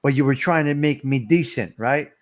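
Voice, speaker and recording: A man's voice: mid-range voice, normal speed. A middle-aged man, rambling and teasing viewers by name as he hosts a casual live stream. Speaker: livestream host.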